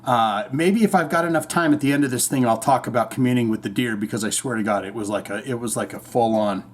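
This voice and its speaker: Talking fast in a mid-range voice, a male podcast host riffs on the headlines. His commentary meanders, stays irreverent, and is full of profanity.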